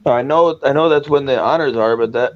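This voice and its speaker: A man's voice: mid-range voice, fairly quick, crowd noise. A man co-hosting a casual sports talk show, hesitant and often restarting his sentences. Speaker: co-host. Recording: lo-fi with noise.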